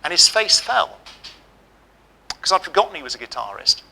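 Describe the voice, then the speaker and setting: A man's voice: high-pitched, sing-song, normal speed, vocal fry, pushed and bright, poor audio. A middle-aged man giving a ceremony address, telling a humorous hospital anecdote and giving direct advice. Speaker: ceremony speaker. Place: lecture hall.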